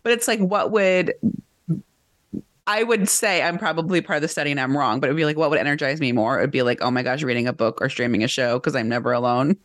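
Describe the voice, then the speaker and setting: A woman's voice: sits low, quick pace, dry recording. Chatty woman podcast co-host, dry sound. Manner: chatty and animated, laughs often. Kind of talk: casual book club chat.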